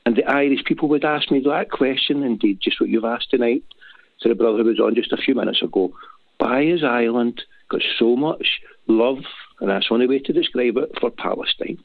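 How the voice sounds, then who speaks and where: A man's voice: mid-range voice, a little fast, gravelly, no room sound. A man with a Glaswegian accent calling into a talk show, earnest and emotional, rambling with many restarts. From Scotland. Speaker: caller. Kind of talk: emotional phone-in call. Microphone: phone. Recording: dry, tinny phone line.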